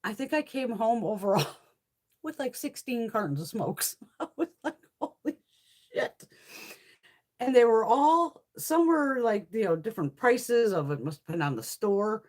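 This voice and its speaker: Casual woman vlogger from Connecticut, expressive up-and-down voice, foul-mouthed, laughs mid-story. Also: medium pitch. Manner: swears constantly, laughs through her stories. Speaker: beauty haul vlogger.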